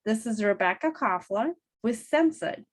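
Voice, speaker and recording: A middle-aged woman from the former Soviet Union hosting her own channel, delivering scripted political commentary in a slow, deliberate and emphatic way. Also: a little high, lively intonation.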